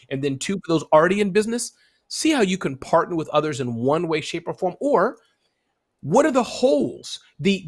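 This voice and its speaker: Animated middle-aged man chatting as guest. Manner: lively, swings high when excited. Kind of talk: casual interview chat.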